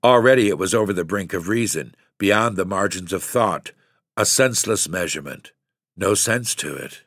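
A man reading a literary story aloud in a measured, steady narration. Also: low-pitched, no room sound, studio quality. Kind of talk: scripted audiobook narration.

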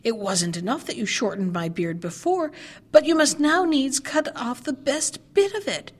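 A woman's voice: lively intonation, moderate pace. A woman doing a screeching ungrateful dwarf. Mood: shrill angry. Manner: shrill, screaming, scolding.

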